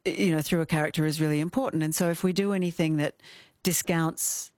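A middle-aged woman speaking as an animated, expressive dialect coach in a radio interview, laughing often. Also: sits low, fairly quick, dry recording, clean studio sound.

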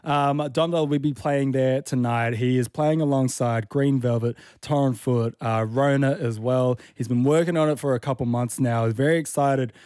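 A man's voice: mid-range voice, steady tone, darkish tone, no echo, clean studio sound. A young man hosting a drive-time radio show, playful and jokey in casual banter. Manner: playful, jokey, quick to laugh. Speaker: radio host. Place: radio studio. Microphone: studio microphone. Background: music bed.

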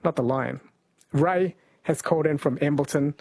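A New man hosting a radio quiz, chatty and quick to laugh as he reads listener texts. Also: on the high side, gravelly, a little mellow, husky, no room sound. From New Zealand. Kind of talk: casual radio chat. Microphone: studio microphone.

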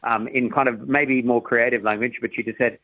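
A man, a comedian telling funny stories as a radio guest, lively and laughing. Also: mid-range voice, fairly quick, no room sound, phone-quality sound. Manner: animated, storytelling, laughs a lot. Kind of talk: casual radio interview.

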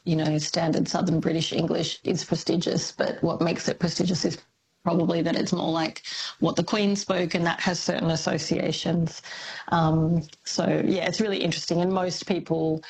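Gravelly low-voiced woman explaining. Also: darkish tone, low-quality recording. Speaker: linguistics academic guest. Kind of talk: radio phone-in discussion.

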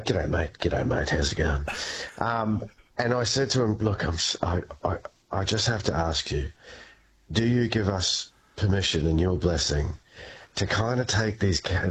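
A man's voice: on the low side, a little hiss or hum. A man, an actor telling stories as a guest in a casual interview, laughing often. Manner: animated storyteller, laughs often.

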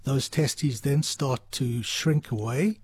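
A man as a medical expert guest, giving patient, measured explanations with small restarts. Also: medium pitch, darkish tone, husky. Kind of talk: explanatory interview answers.

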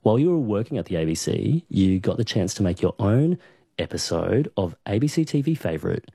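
An interviewer asking questions and reacting with lively interest. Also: low-pitched, brisk, vocal fry, husky, no echo, clean studio sound. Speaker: interviewer, host.

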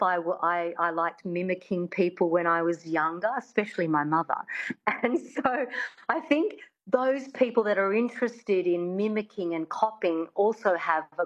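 A woman, a dialect coach explaining in an interview and demonstrating sounds slowly and precisely. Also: lowish voice, lo-fi sound. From Australia. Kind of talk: conversational interview, teaching.

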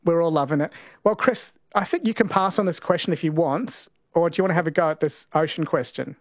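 A talkback radio host, a man with a slightly high voice, keeps things loose and playful as he quizzes callers. He talks into a studio mic that sounds close and dry. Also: fast, no room sound. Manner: playful, chatty, laughs easily. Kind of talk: talkback radio chat and quiz.

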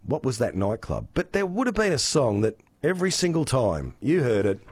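A man with an Australian accent and a croaky voice, presenting a chatty, upbeat radio weather and traffic update. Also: medium pitch, huge pitch swings, moderate pace, no echo.

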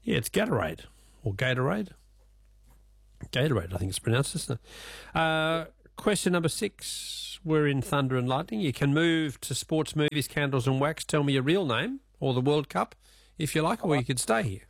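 A man's voice: a little high, moderate pace, creaky, no echo, clean studio sound. A man with an Australian accent hosting a casual radio quiz, joking and laughing with callers. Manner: jokey, laughs often, teasing callers.

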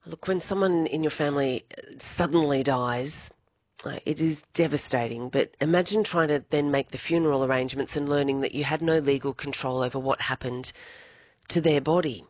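An Australian woman presenting live breakfast radio, chatty and brisk, reading the weather and introducing stories in a studio. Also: deep voice, dry recording. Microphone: studio microphone.

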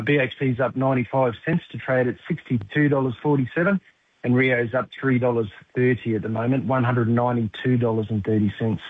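A man giving a brisk, matter-of-fact market update, reading out prices. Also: mid-range voice, breathy edge, dry recording. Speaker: finance commentator. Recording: tinny phone line.

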